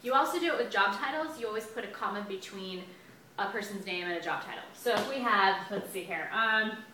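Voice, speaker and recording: A woman's voice: medium pitch, fairly quick, bright, forceful tone, distant mic, a little hiss or hum. A woman teaching a grammar lesson in a chatty, upbeat way, stretching out words as she writes them on the board. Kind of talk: classroom lesson at a whiteboard. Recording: echoey room, voice a bit off-mic.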